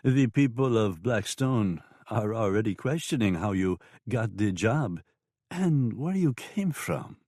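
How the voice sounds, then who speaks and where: A man voicing a sly, mocking saloon madam with a French accent in an audiobook, speaking slowly and smoothly. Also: fairly low pitch, lively intonation, a little mellow, dry recording, clean studio sound. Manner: smooth, taunting, slow and drawn-out. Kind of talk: audiobook character voice.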